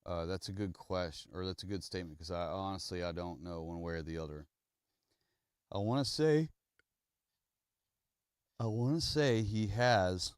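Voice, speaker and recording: A man's voice: low voice, clean tone, no echo, studio quality. A man streaming, talking in a casual, rambling monologue that often corrects itself mid-sentence. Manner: rambling, self-correcting storyteller.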